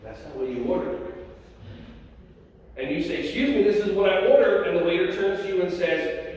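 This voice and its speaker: A man giving a lively keynote talk to an audience, acting out quotes and putting questions to the crowd. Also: sits high, normal speed. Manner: animated, acts out quotes and asks the crowd questions. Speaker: keynote speaker. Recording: echoey hall from far off.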